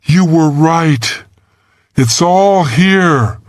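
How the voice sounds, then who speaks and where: A determined young woman who keeps her voice steady and reassuring while she takes charge, as a male reader puts her on. The voice is lifted only moderately above his own, delivered slowly, and the sound is dry. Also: fairly high pitch, dry recording, voice pushed up. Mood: urgent. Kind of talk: audiobook character voice.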